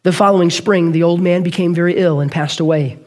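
A man preaching a sermon, telling a story earnestly and quickly, and sometimes correcting himself mid-sentence. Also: fairly high pitch, steady tone.

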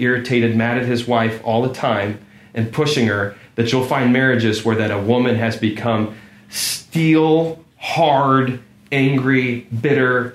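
Earnest man preaching in an echoey room. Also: mid-range voice. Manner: earnest storytelling with repetition. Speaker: pastor. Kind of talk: sermon.

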